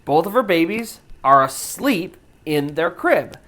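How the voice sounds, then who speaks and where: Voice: mid-range voice, sing-song, measured pace, fairly bright tone. Casual ghost-story narrator, chatty and loose. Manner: conversational, loose, with many "you know" fillers. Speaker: storyteller and channel host.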